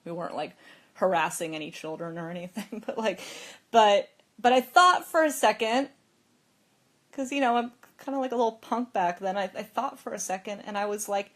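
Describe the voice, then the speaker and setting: A woman's voice: medium pitch, brisk, fairly bright tone. A young woman hosting a phone livestream, telling a story in a chatty, casual way with lots of "like" and frequent laughs. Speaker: livestream host.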